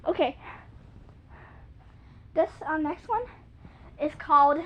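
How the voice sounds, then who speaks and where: A young girl with a very high voice chats loosely to her viewers, stuffing her sentences with "like" and slipping into silly sung snippets. The recording is dull and lo-fi, as if made at home. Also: slow pace. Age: child. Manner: chatty, giggly, lots of "like", sings silly bits. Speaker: kids' video host. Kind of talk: casual chat showing jump tricks.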